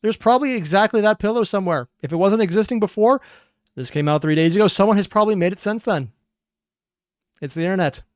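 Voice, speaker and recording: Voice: medium pitch, fast, no room sound, studio quality. A reaction video host giving casual, rambling, amused commentary.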